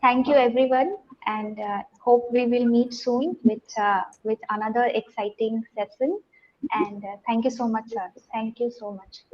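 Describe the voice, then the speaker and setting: Casting: woman with a fairly high voice, polite formal moderator over dull, muffled call audio. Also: fairly even intonation, normal speed. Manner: polite, addresses people as sir. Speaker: moderator of an online lecture.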